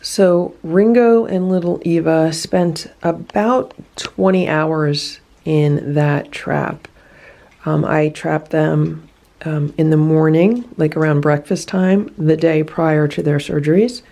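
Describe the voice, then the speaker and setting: A woman's voice: deep voice, fairly even intonation, slow pace, warm tone. A woman filming a casual vlog at home, talking soothingly to a rescued cat and explaining her care in a coaxing, sing-song way.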